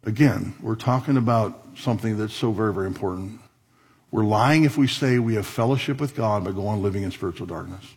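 A man preaching a sermon in a strongly husky, raspy voice. He reads scripture aloud, then breaks into conversational comments and dry asides, and keeps it plain and direct with the congregation. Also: fairly low pitch, fairly quick. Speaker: pastor.

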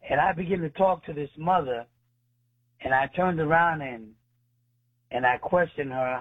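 A man's voice: a little high, moderate pace, long pauses, husky. A man telling his faith testimony as a guest, speaking earnestly and acting out the dialogue. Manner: earnest, retells dialogue with voices. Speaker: ministry leader, guest. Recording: tinny phone line.

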